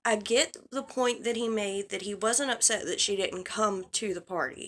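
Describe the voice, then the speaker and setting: A woman with a slightly high voice delivers a casual vlog commentary. She sounds heated and exasperated, swearing freely and addressing the person she is criticising directly. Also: fairly bright tone. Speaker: drama commentary vlogger.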